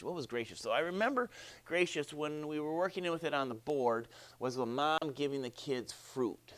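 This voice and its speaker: A man's voice: on the high side, expressive, normal speed. A male teacher reading a storybook aloud to his class and then guiding them through a worksheet, with chatty asides along the way. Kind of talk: classroom read-aloud and lesson.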